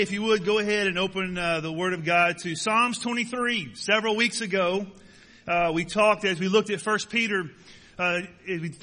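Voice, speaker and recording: A man's voice: high-pitched, bright, forceful tone, long reverb tail. A middle-aged man preaching a sermon as pastor, folksy with joking asides to the congregation. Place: church sanctuary.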